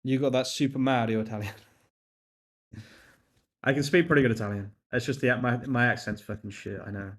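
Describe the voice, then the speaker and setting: A man's voice: medium pitch, fairly even intonation, a little fast, long pauses. A young man chatting casually on a live stream while coding, reading chat aloud, laughing and swearing now and then. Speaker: livestream host.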